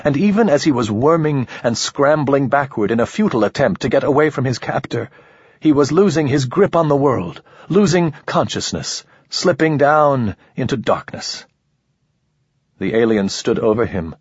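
A man narrating a story in a measured, dramatic reading. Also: medium pitch, breathy edge, dry recording, dull audio. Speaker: audiobook narrator. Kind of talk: scripted narration.

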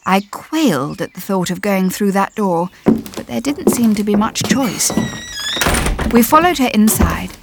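A woman narrating a story in the first person, measured and tense. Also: mid-range voice, lively intonation, gravelly, heavy background noise. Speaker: audiobook narrator.

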